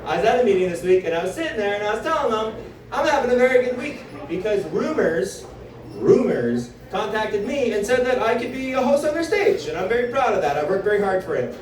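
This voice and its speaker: A man's voice: sits high, brisk, background noise. A young man doing a stand-up comedy set on a club stage, telling stories and acting out the people in them. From Canada. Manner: animated storytelling with acted-out quotes. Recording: roomy club sound from a distance.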